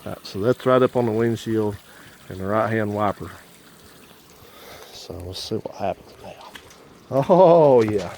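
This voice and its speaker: Man, mechanic and channel host, low voice, folksy walk-through on a handheld phone outside, faint noise behind him. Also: normal speed, vocal fry, long pauses. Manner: folksy, explaining as he works. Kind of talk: hands-on repair demonstration. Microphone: handheld phone camera.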